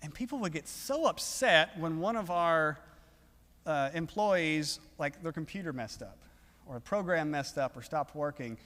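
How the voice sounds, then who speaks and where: A man preaching an evening sermon in an earnest, conversational way, pausing and restarting as he talks. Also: on the high side, expressive, a bit bright. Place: church sanctuary. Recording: long reverb of a church hall.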